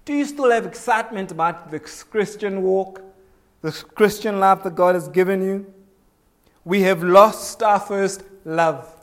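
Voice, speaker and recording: Male preacher with a high voice, conversational sermon that draws in the congregation. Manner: conversational, asks the congregation questions, acts out little voices.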